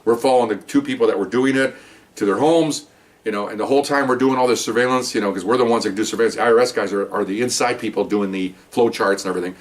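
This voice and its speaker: Rambling ex-cop telling war stories. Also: male voice, fairly low pitch, fast talker, recorded from a distance. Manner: rambling, conversational, lots of "you know" and "okay". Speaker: retired police officer telling stories. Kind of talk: casual storytelling.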